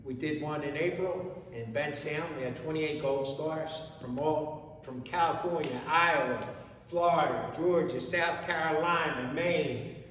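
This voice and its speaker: A middle-aged man, a Gold Star father and founder, telling his story in halting, plain words and often restarting. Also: fairly high pitch, a bit bright, slight background noise. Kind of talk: emotional personal testimony to an audience. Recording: echoey hall from far off, faint ambience.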